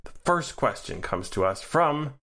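A man's voice: mid-range voice, sing-song, measured pace, bright, forceful tone. A man co-hosting a podcast in casual sports chat, wry and joking, with rambling asides. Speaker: podcast co-host.

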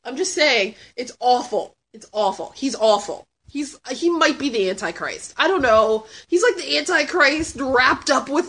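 A woman in her thirties, chatting casually as a guest and answering questions with lots of laughing, swearing and sudden shouts. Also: sits high. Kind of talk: casual chat.

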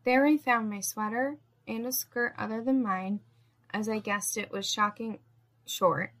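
A woman narrating a first-person story in a steady, measured reading. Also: on the high side.

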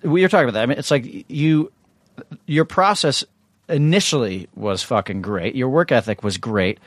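A man's voice: mid-range voice, normal speed, dry recording. A man co-hosting a podcast, chatting casually and swearing a lot. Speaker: podcast co-host. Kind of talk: casual profane podcast chat.

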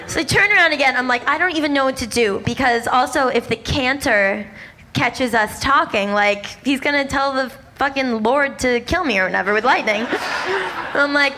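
A young woman doing stand-up, telling a story in an animated, rapid way with lots of "like" and exaggerated character voices. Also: sits high, background noise. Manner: rapid, breathless asides with lots of "like". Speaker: stand-up comedian.

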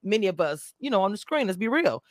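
A woman's voice: mid-range voice, big pitch swings, fast talker, no echo, clean studio sound. A woman hosting a live online interview, gushing and playful with lots of slang. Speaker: host of a reality TV review channel. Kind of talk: excited live-stream interview.

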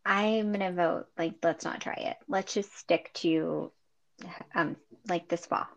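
A woman co-hosting a podcast in casual chat, relaxed and agreeable. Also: lowish voice, slow, gravelly. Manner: relaxed, agreeable, rule-following. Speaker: podcast co-host.

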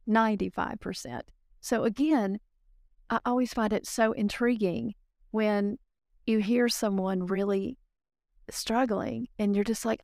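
A woman guest on a podcast, telling client stories in a lively, casual way and acting out the voices of the people she quotes. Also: mid-range voice, gravelly, dry recording, clean studio sound. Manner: animated storyteller, acts out quoted voices. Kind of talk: casual interview storytelling.

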